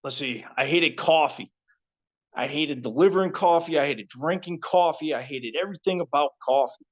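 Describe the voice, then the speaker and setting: A man's voice: a little high, moderate pace, lo-fi sound. A middle-aged man, a former Marine gunnery sergeant, casually telling war stories to his old unit with plenty of swearing and a heartfelt streak. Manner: profane, joking, heartfelt at the end. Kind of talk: casual storytelling to fellow Marines.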